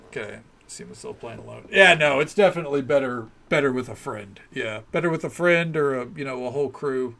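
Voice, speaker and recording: A man's voice: medium pitch, expressive, brisk, hardly any pauses, sharp tone, a little hiss or hum. A man streaming a farming game, chatting casually in a laid-back way and swearing now and then. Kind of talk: casual gameplay commentary.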